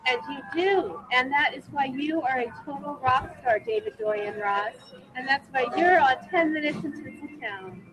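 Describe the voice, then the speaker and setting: A woman's voice: high-pitched, moderate pace, crowd noise, poor audio. A woman hosting an interview show, chatting casually and in an upbeat, enthusiastic way. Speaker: show host.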